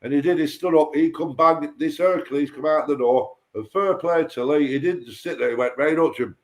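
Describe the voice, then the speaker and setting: A man's voice: fairly high pitch, fairly quick. A man telling a rambling, sweary story on a casual livestream chat, repeating himself and tripping over his words.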